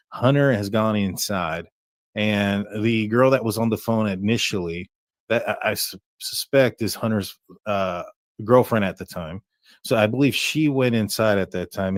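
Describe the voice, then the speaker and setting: Guy with a lowish voice rambling thru a true crime case, lots of restarts, dry close mic. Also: no room sound. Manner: rambling, halting with many restarts. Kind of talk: casual commentary on a call recording.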